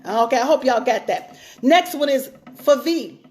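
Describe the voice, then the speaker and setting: High-voiced woman preaching with emphasis. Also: lively intonation, a little slow, a little mellow. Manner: emphatic, repeats phrases for stress. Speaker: pastor. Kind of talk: sermon-style teaching talk.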